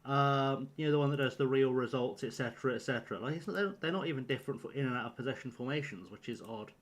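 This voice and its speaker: A man's voice: mid-range voice, fast talker. A man live-streaming a football management game, rambling and flustered as he talks himself through picking his team. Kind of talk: live-streamed gameplay commentary.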